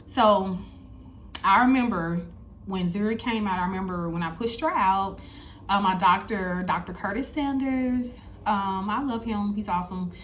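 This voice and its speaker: A woman in her thirties tells a personal story to her viewers in a loose, chatty way, circling back and repeating herself. Her voice sits at an ordinary middle pitch, and a faint room ambience hums behind her. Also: unhurried, fairly bright tone, slight background noise. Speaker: spiritual content creator. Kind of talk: storytelling vlog.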